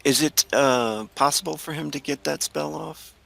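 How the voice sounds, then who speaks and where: A man's voice: a little high, normal speed, gravelly, a bit bright. A man playing in a tabletop game, hesitantly asking about spells and rules. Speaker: player.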